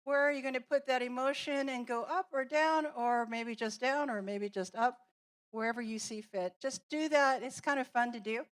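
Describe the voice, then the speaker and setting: A woman presenting a teacher training workshop in a classroom, explaining an activity step by step and walking through examples. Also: a little high. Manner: slow, deliberate, explaining and demonstrating with examples.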